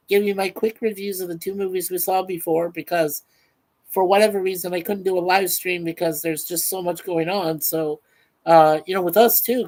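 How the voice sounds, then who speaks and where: A man's voice: high-pitched, a little mellow, low-quality recording. A man hosting a casual live stream, chatting loosely with many fillers and reading out viewer comments.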